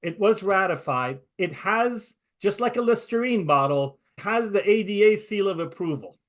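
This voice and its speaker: A man's voice: sits high, lively intonation, normal speed, fairly bright tone. A male interview host who talks in an emphatic, indignant way and speeds up in bursts. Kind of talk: conversational interview.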